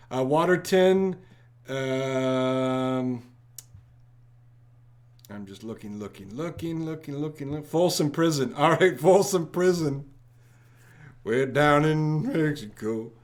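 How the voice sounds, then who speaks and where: Guy running a trivia livestream, kinda high voice, reads off chat names fast and upbeat. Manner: upbeat, rattles off viewer locations quickly. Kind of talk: live stream chat shout-outs.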